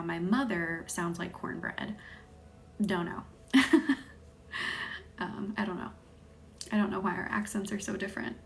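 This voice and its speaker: A woman from the American South with a light Southern accent, hosting a live Reiki stream. She chats with viewers and thanks them by name, and often drops into a soft whisper. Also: mid-range voice, vocal fry. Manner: chatty, laughs easily, thanks viewers by name. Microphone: phone or webcam on a live stream.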